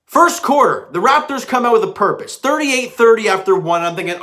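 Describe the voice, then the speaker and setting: A man's voice: very high-pitched, lively intonation, a little fast, few pauses, bright, forceful tone. A man recording a casual post-game recap as a fan commentator, talking emphatically and conversationally. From Canada.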